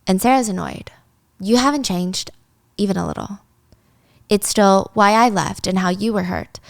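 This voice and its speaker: A woman's voice: medium pitch, normal speed, gravelly, dry recording, clean studio sound. A woman telling a dramatic story in a casual way, with swearing.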